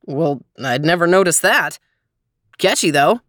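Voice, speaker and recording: A woman voicing an upbeat, persuasive father in a storybook, in a fairly low, close voice. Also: lively intonation, a little slow, fairly bright tone, no room sound. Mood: playful. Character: cheerful scheming dad full of big ideas.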